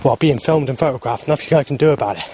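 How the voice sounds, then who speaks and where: Outdoors in the heat, a vlogger talks to camera in an agitated, rambling monologue packed with fillers and restarts. His mid-range voice races along over a noisy background.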